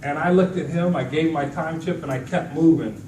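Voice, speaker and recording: Speaking briskly in a fairly high voice, a middle-aged motivational speaker performs a storytelling talk for a conference audience, voicing the characters in his tales. He's in a big event hall, captured by a far-off mic with echo and noise.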